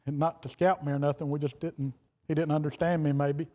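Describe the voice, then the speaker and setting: Recorded with dull, reverberant church-hall audio, a man in a church sanctuary preaches a sermon, telling a plain-spoken, folksy story and quoting its people. His voice is slightly high with little pitch movement, and he speaks briskly.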